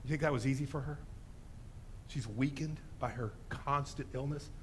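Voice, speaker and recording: A man preaching a sermon in a church, telling a story with lively animation and acting out the voices in it. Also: medium pitch, moderate pace, a little hiss or hum. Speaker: pastor.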